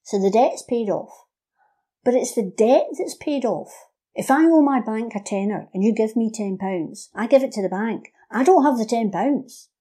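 A woman with a mellow, warm voice talks through history in a relaxed podcast conversation. She tells it like a lively story and slips into the voices of the people she quotes. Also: a little high, moderate pace. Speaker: guest explaining history. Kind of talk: casual history podcast chat.

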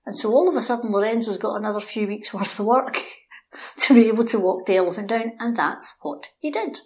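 A woman telling a local story in a lively, animated way, acting out the characters. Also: on the high side, fairly quick. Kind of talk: anecdotal storytelling.

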